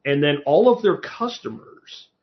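A man telling a story in casual conversation, his voice rising and falling in a lively, expressive way. He sounds a little above average in pitch, cursing now and then without thinking about it. The recording is slightly muffled and lo-fi. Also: unhurried. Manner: animated storyteller, swears casually.

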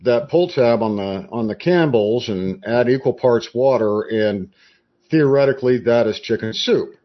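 A man as a podcast guest, explaining his approach in a measured, conversational way. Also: mid-range voice, lo-fi sound.

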